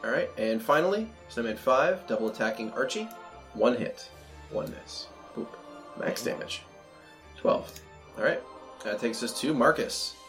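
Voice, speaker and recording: A man's voice: medium pitch, expressive, a bit bright, soft background music. Man game master calling combat rolls. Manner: brisk rules-calling, dry teasing. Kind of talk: running a tabletop game.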